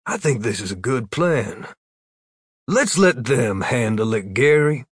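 A man's voice: mid-range voice, big pitch swings, unhurried, breathy edge, dry recording, studio quality. A man doing a sardonic young wizard.

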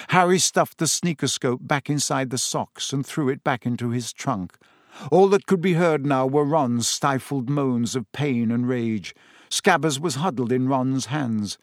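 A man narrating an audiobook in a steady, expressive storytelling voice. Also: medium pitch, no room sound, clean studio sound.

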